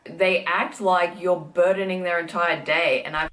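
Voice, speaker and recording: A woman's voice: on the low side, fairly even intonation, a little slow, fairly bright tone. A woman vlogger talking to camera in an upbeat, enthusiastic way. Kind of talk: vlog talk to camera.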